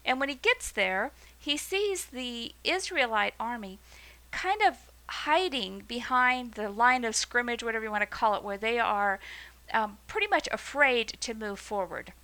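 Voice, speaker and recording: A woman teaching a Bible lesson, retelling the story in a lively, conversational way with asides. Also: on the high side, a little slow, rough recording.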